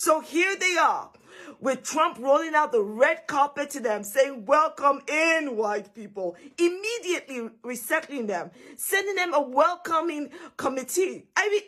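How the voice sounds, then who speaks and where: Higher-pitched female commentator, scornful and forceful delivery. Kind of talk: opinion commentary.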